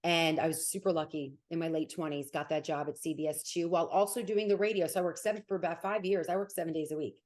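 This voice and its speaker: A woman with a New Jersey accent talks quickly and lively as a guest in a casual interview. Her voice sits slightly low for a woman, and she sounds like someone in her forties. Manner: fast-talking and animated. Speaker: sports broadcaster guest.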